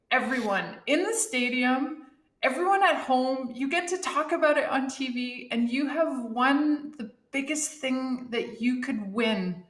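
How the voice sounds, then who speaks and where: A middle-aged woman, a former Olympic athlete, telling animated stories in a casual podcast interview, laughing often. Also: fairly high pitch, reverberant.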